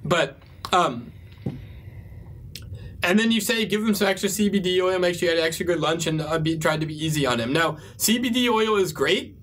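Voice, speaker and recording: A man's voice: high-pitched, expressive, normal speed, a bit bright. A young man co-hosting an advice show, answering viewer questions in a chatty way with frequent laughs and fillers. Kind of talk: casual advice talk.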